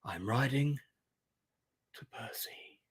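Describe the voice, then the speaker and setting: A man voicing a young male warrior hero in a low, quiet, husky murmur. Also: animated, takes it slowly. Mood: grave.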